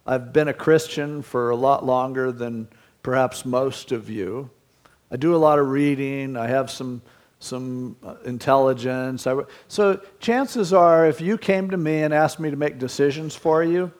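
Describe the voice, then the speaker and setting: A man's voice: medium pitch, normal speed, a little mellow. An older man, a pastor, giving a sermon in a conversational, storytelling way with self-deprecating asides.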